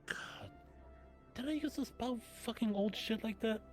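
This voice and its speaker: A man's voice: high voice, a little slow, soft background music. A man chatting in character during an online roleplay session, casual and laughing often, with plenty of swearing. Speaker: roleplay streamer.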